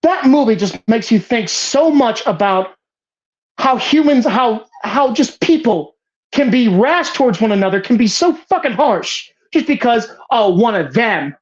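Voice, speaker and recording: A woman's voice: on the high side, animated, a little slow. Woman podcast host, casual movie talk, profane and ranting, muffled lo-fi sound.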